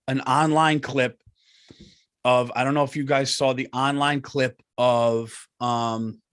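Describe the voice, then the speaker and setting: A middle-aged man, a comedian hosting his own show, telling a comic story in a profane, animated way. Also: mid-range voice. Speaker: comedian host.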